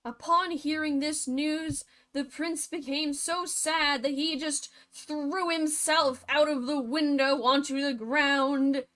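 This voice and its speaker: A woman narrates a fairy tale as comedy, dropping sarcastic jokes in a bubbly, quick manner. Her voice is bright and sits slightly high. The delivery is playful storytelling. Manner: sarcastic, jokey asides, fast and bubbly.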